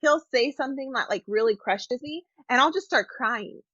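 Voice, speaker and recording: This is a woman hosting a podcast who speaks candidly and laughs easily. Her voice sits somewhat high. The audio is dull and lo-fi with a dry, deadened sound. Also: expressive, moderate pace, pushed and bright, no room sound. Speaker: podcast host. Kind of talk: podcast conversation.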